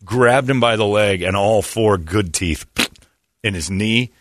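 A middle-aged man with a fairly low voice speaks at a measured pace, recorded in clean studio sound without echo. Hosting a show, he chats in casual studio banter as an animated storyteller who acts out the people in his stories.

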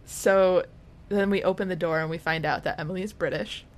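A woman's voice: lowish voice, fairly even intonation, a little fast. A woman co-hosting a podcast, casually retelling scenes and acting out the characters' lines. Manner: chatty retelling, acts out quotes. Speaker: podcast co-host. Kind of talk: casual recap chat.

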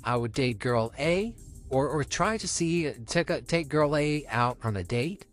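A young man chats openly on a podcast about his own dating life, his pitch rising and dipping freely. Faint music sits under his voice. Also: a little slow. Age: young adult. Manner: frank, personal, lively ups and downs in pitch. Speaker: podcast co-host. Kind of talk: casual podcast chat.

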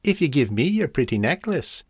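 A man voicing a strange little man in a storybook reading, speaking slowly and softly. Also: a little high, very animated, slightly rough, no echo, clean studio sound, pitched above the performer's own voice. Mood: sly.

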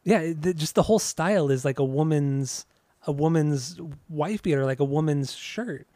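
A man's voice: a little high, moderate pace, mellow, dry recording. Wry male co-host, dry close sound. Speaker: podcast co-host. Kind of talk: casual chat.

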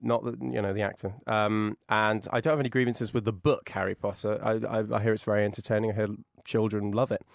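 A man in his twenties chatting as a podcast guest, animated and sarcastic, mocking the people he talks about. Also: fairly low pitch, fast, creaky, few pauses, dry recording, studio quality. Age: 20s. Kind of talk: casual podcast chat.

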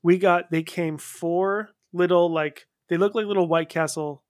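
A man hosting a podcast interview, chatting casually and telling funny stories with quick voice switches. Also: sits high, fairly even intonation, no room sound, clean studio sound. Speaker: podcast host.

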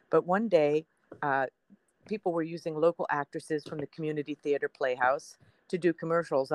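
A woman's voice: sits low, no echo. Chatty woman in her sixties telling stories. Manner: chatty storyteller, acts out quoted dialogue. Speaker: TV meteorologist guest. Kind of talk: personal storytelling in a podcast interview.

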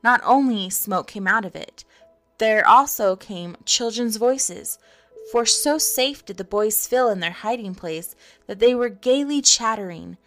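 A woman narrating a storybook in an expressive, measured reading. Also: a little high, faint music behind.

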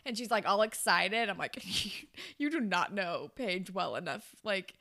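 A young woman casually recapping a TV episode, laughing often and quoting characters in high voices. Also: expressive, a little slow, hardly any pauses, bright, forceful tone.

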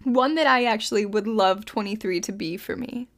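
A woman's voice: mid-range voice, moderate pace. A woman in her twenties hosting a solo podcast, talking in a heartfelt, encouraging and emotional way. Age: 20s. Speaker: podcast host.

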